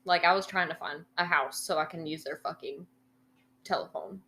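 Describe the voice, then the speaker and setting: A woman's voice: low-pitched, normal speed, sharp tone. Young woman, podcast co-host, casual chat, rambling, lots of ums, swearing. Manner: rambling, many ums and likes, swears freely.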